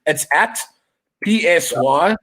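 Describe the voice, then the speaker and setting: A man's voice: a little high, expressive, takes it slowly, a bit bright. A South African man hosting a casual podcast chat, rowdy and profane. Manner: rowdy, profane, mimics voices for laughs. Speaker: podcast host.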